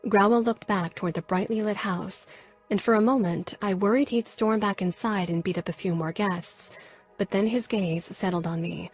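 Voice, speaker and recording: A woman narrating an audiobook in the first person with a soft, measured storytelling manner. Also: medium pitch, steady tone, husky, soft background music.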